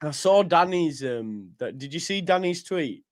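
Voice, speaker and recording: A man's voice: on the high side, lively intonation, measured pace, no room sound, studio quality. A man, hosting a casual fan chat on a live stream, full of banter and laughter. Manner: banter-heavy, laughs often, acts out quotes. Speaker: fan podcast host.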